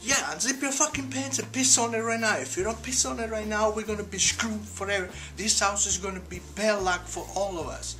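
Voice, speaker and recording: A man voicing his furious, superstitious middle-aged father, who shouts and swears in a high, strained voice, over background music. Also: slow pace, exaggerated voice.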